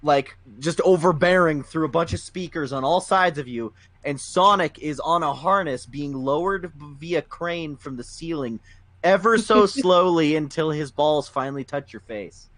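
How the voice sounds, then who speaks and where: A man's voice: on the high side, normal speed, a bit bright, dry recording. Man, casual stream chat, rambling, joking, dry close sound. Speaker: co-host reader.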